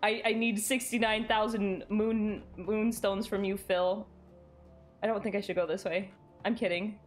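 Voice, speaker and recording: A young woman streaming a game, chatting casually and excitably with her chat, giggling often. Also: medium pitch, measured pace, soft background music.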